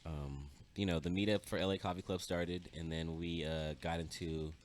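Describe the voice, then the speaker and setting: A man, a podcast guest, chatting casually while gaming, pausing often with filler sounds. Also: deep voice. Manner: relaxed, hesitant with many ums.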